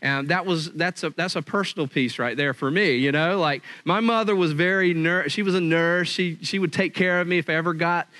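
A man's voice: fairly high pitch, brisk, hardly any pauses, sharp tone, no room sound. A man preaching a sermon in a conversational way, sometimes acting out quoted voices. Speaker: pastor.

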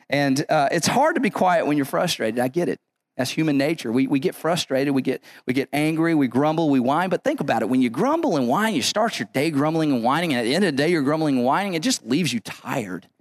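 Male pastor, slightly higher voice, preaching with emphatic repetition and restarts. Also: big pitch swings, moderate pace, dry recording, clean studio sound. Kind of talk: sermon.

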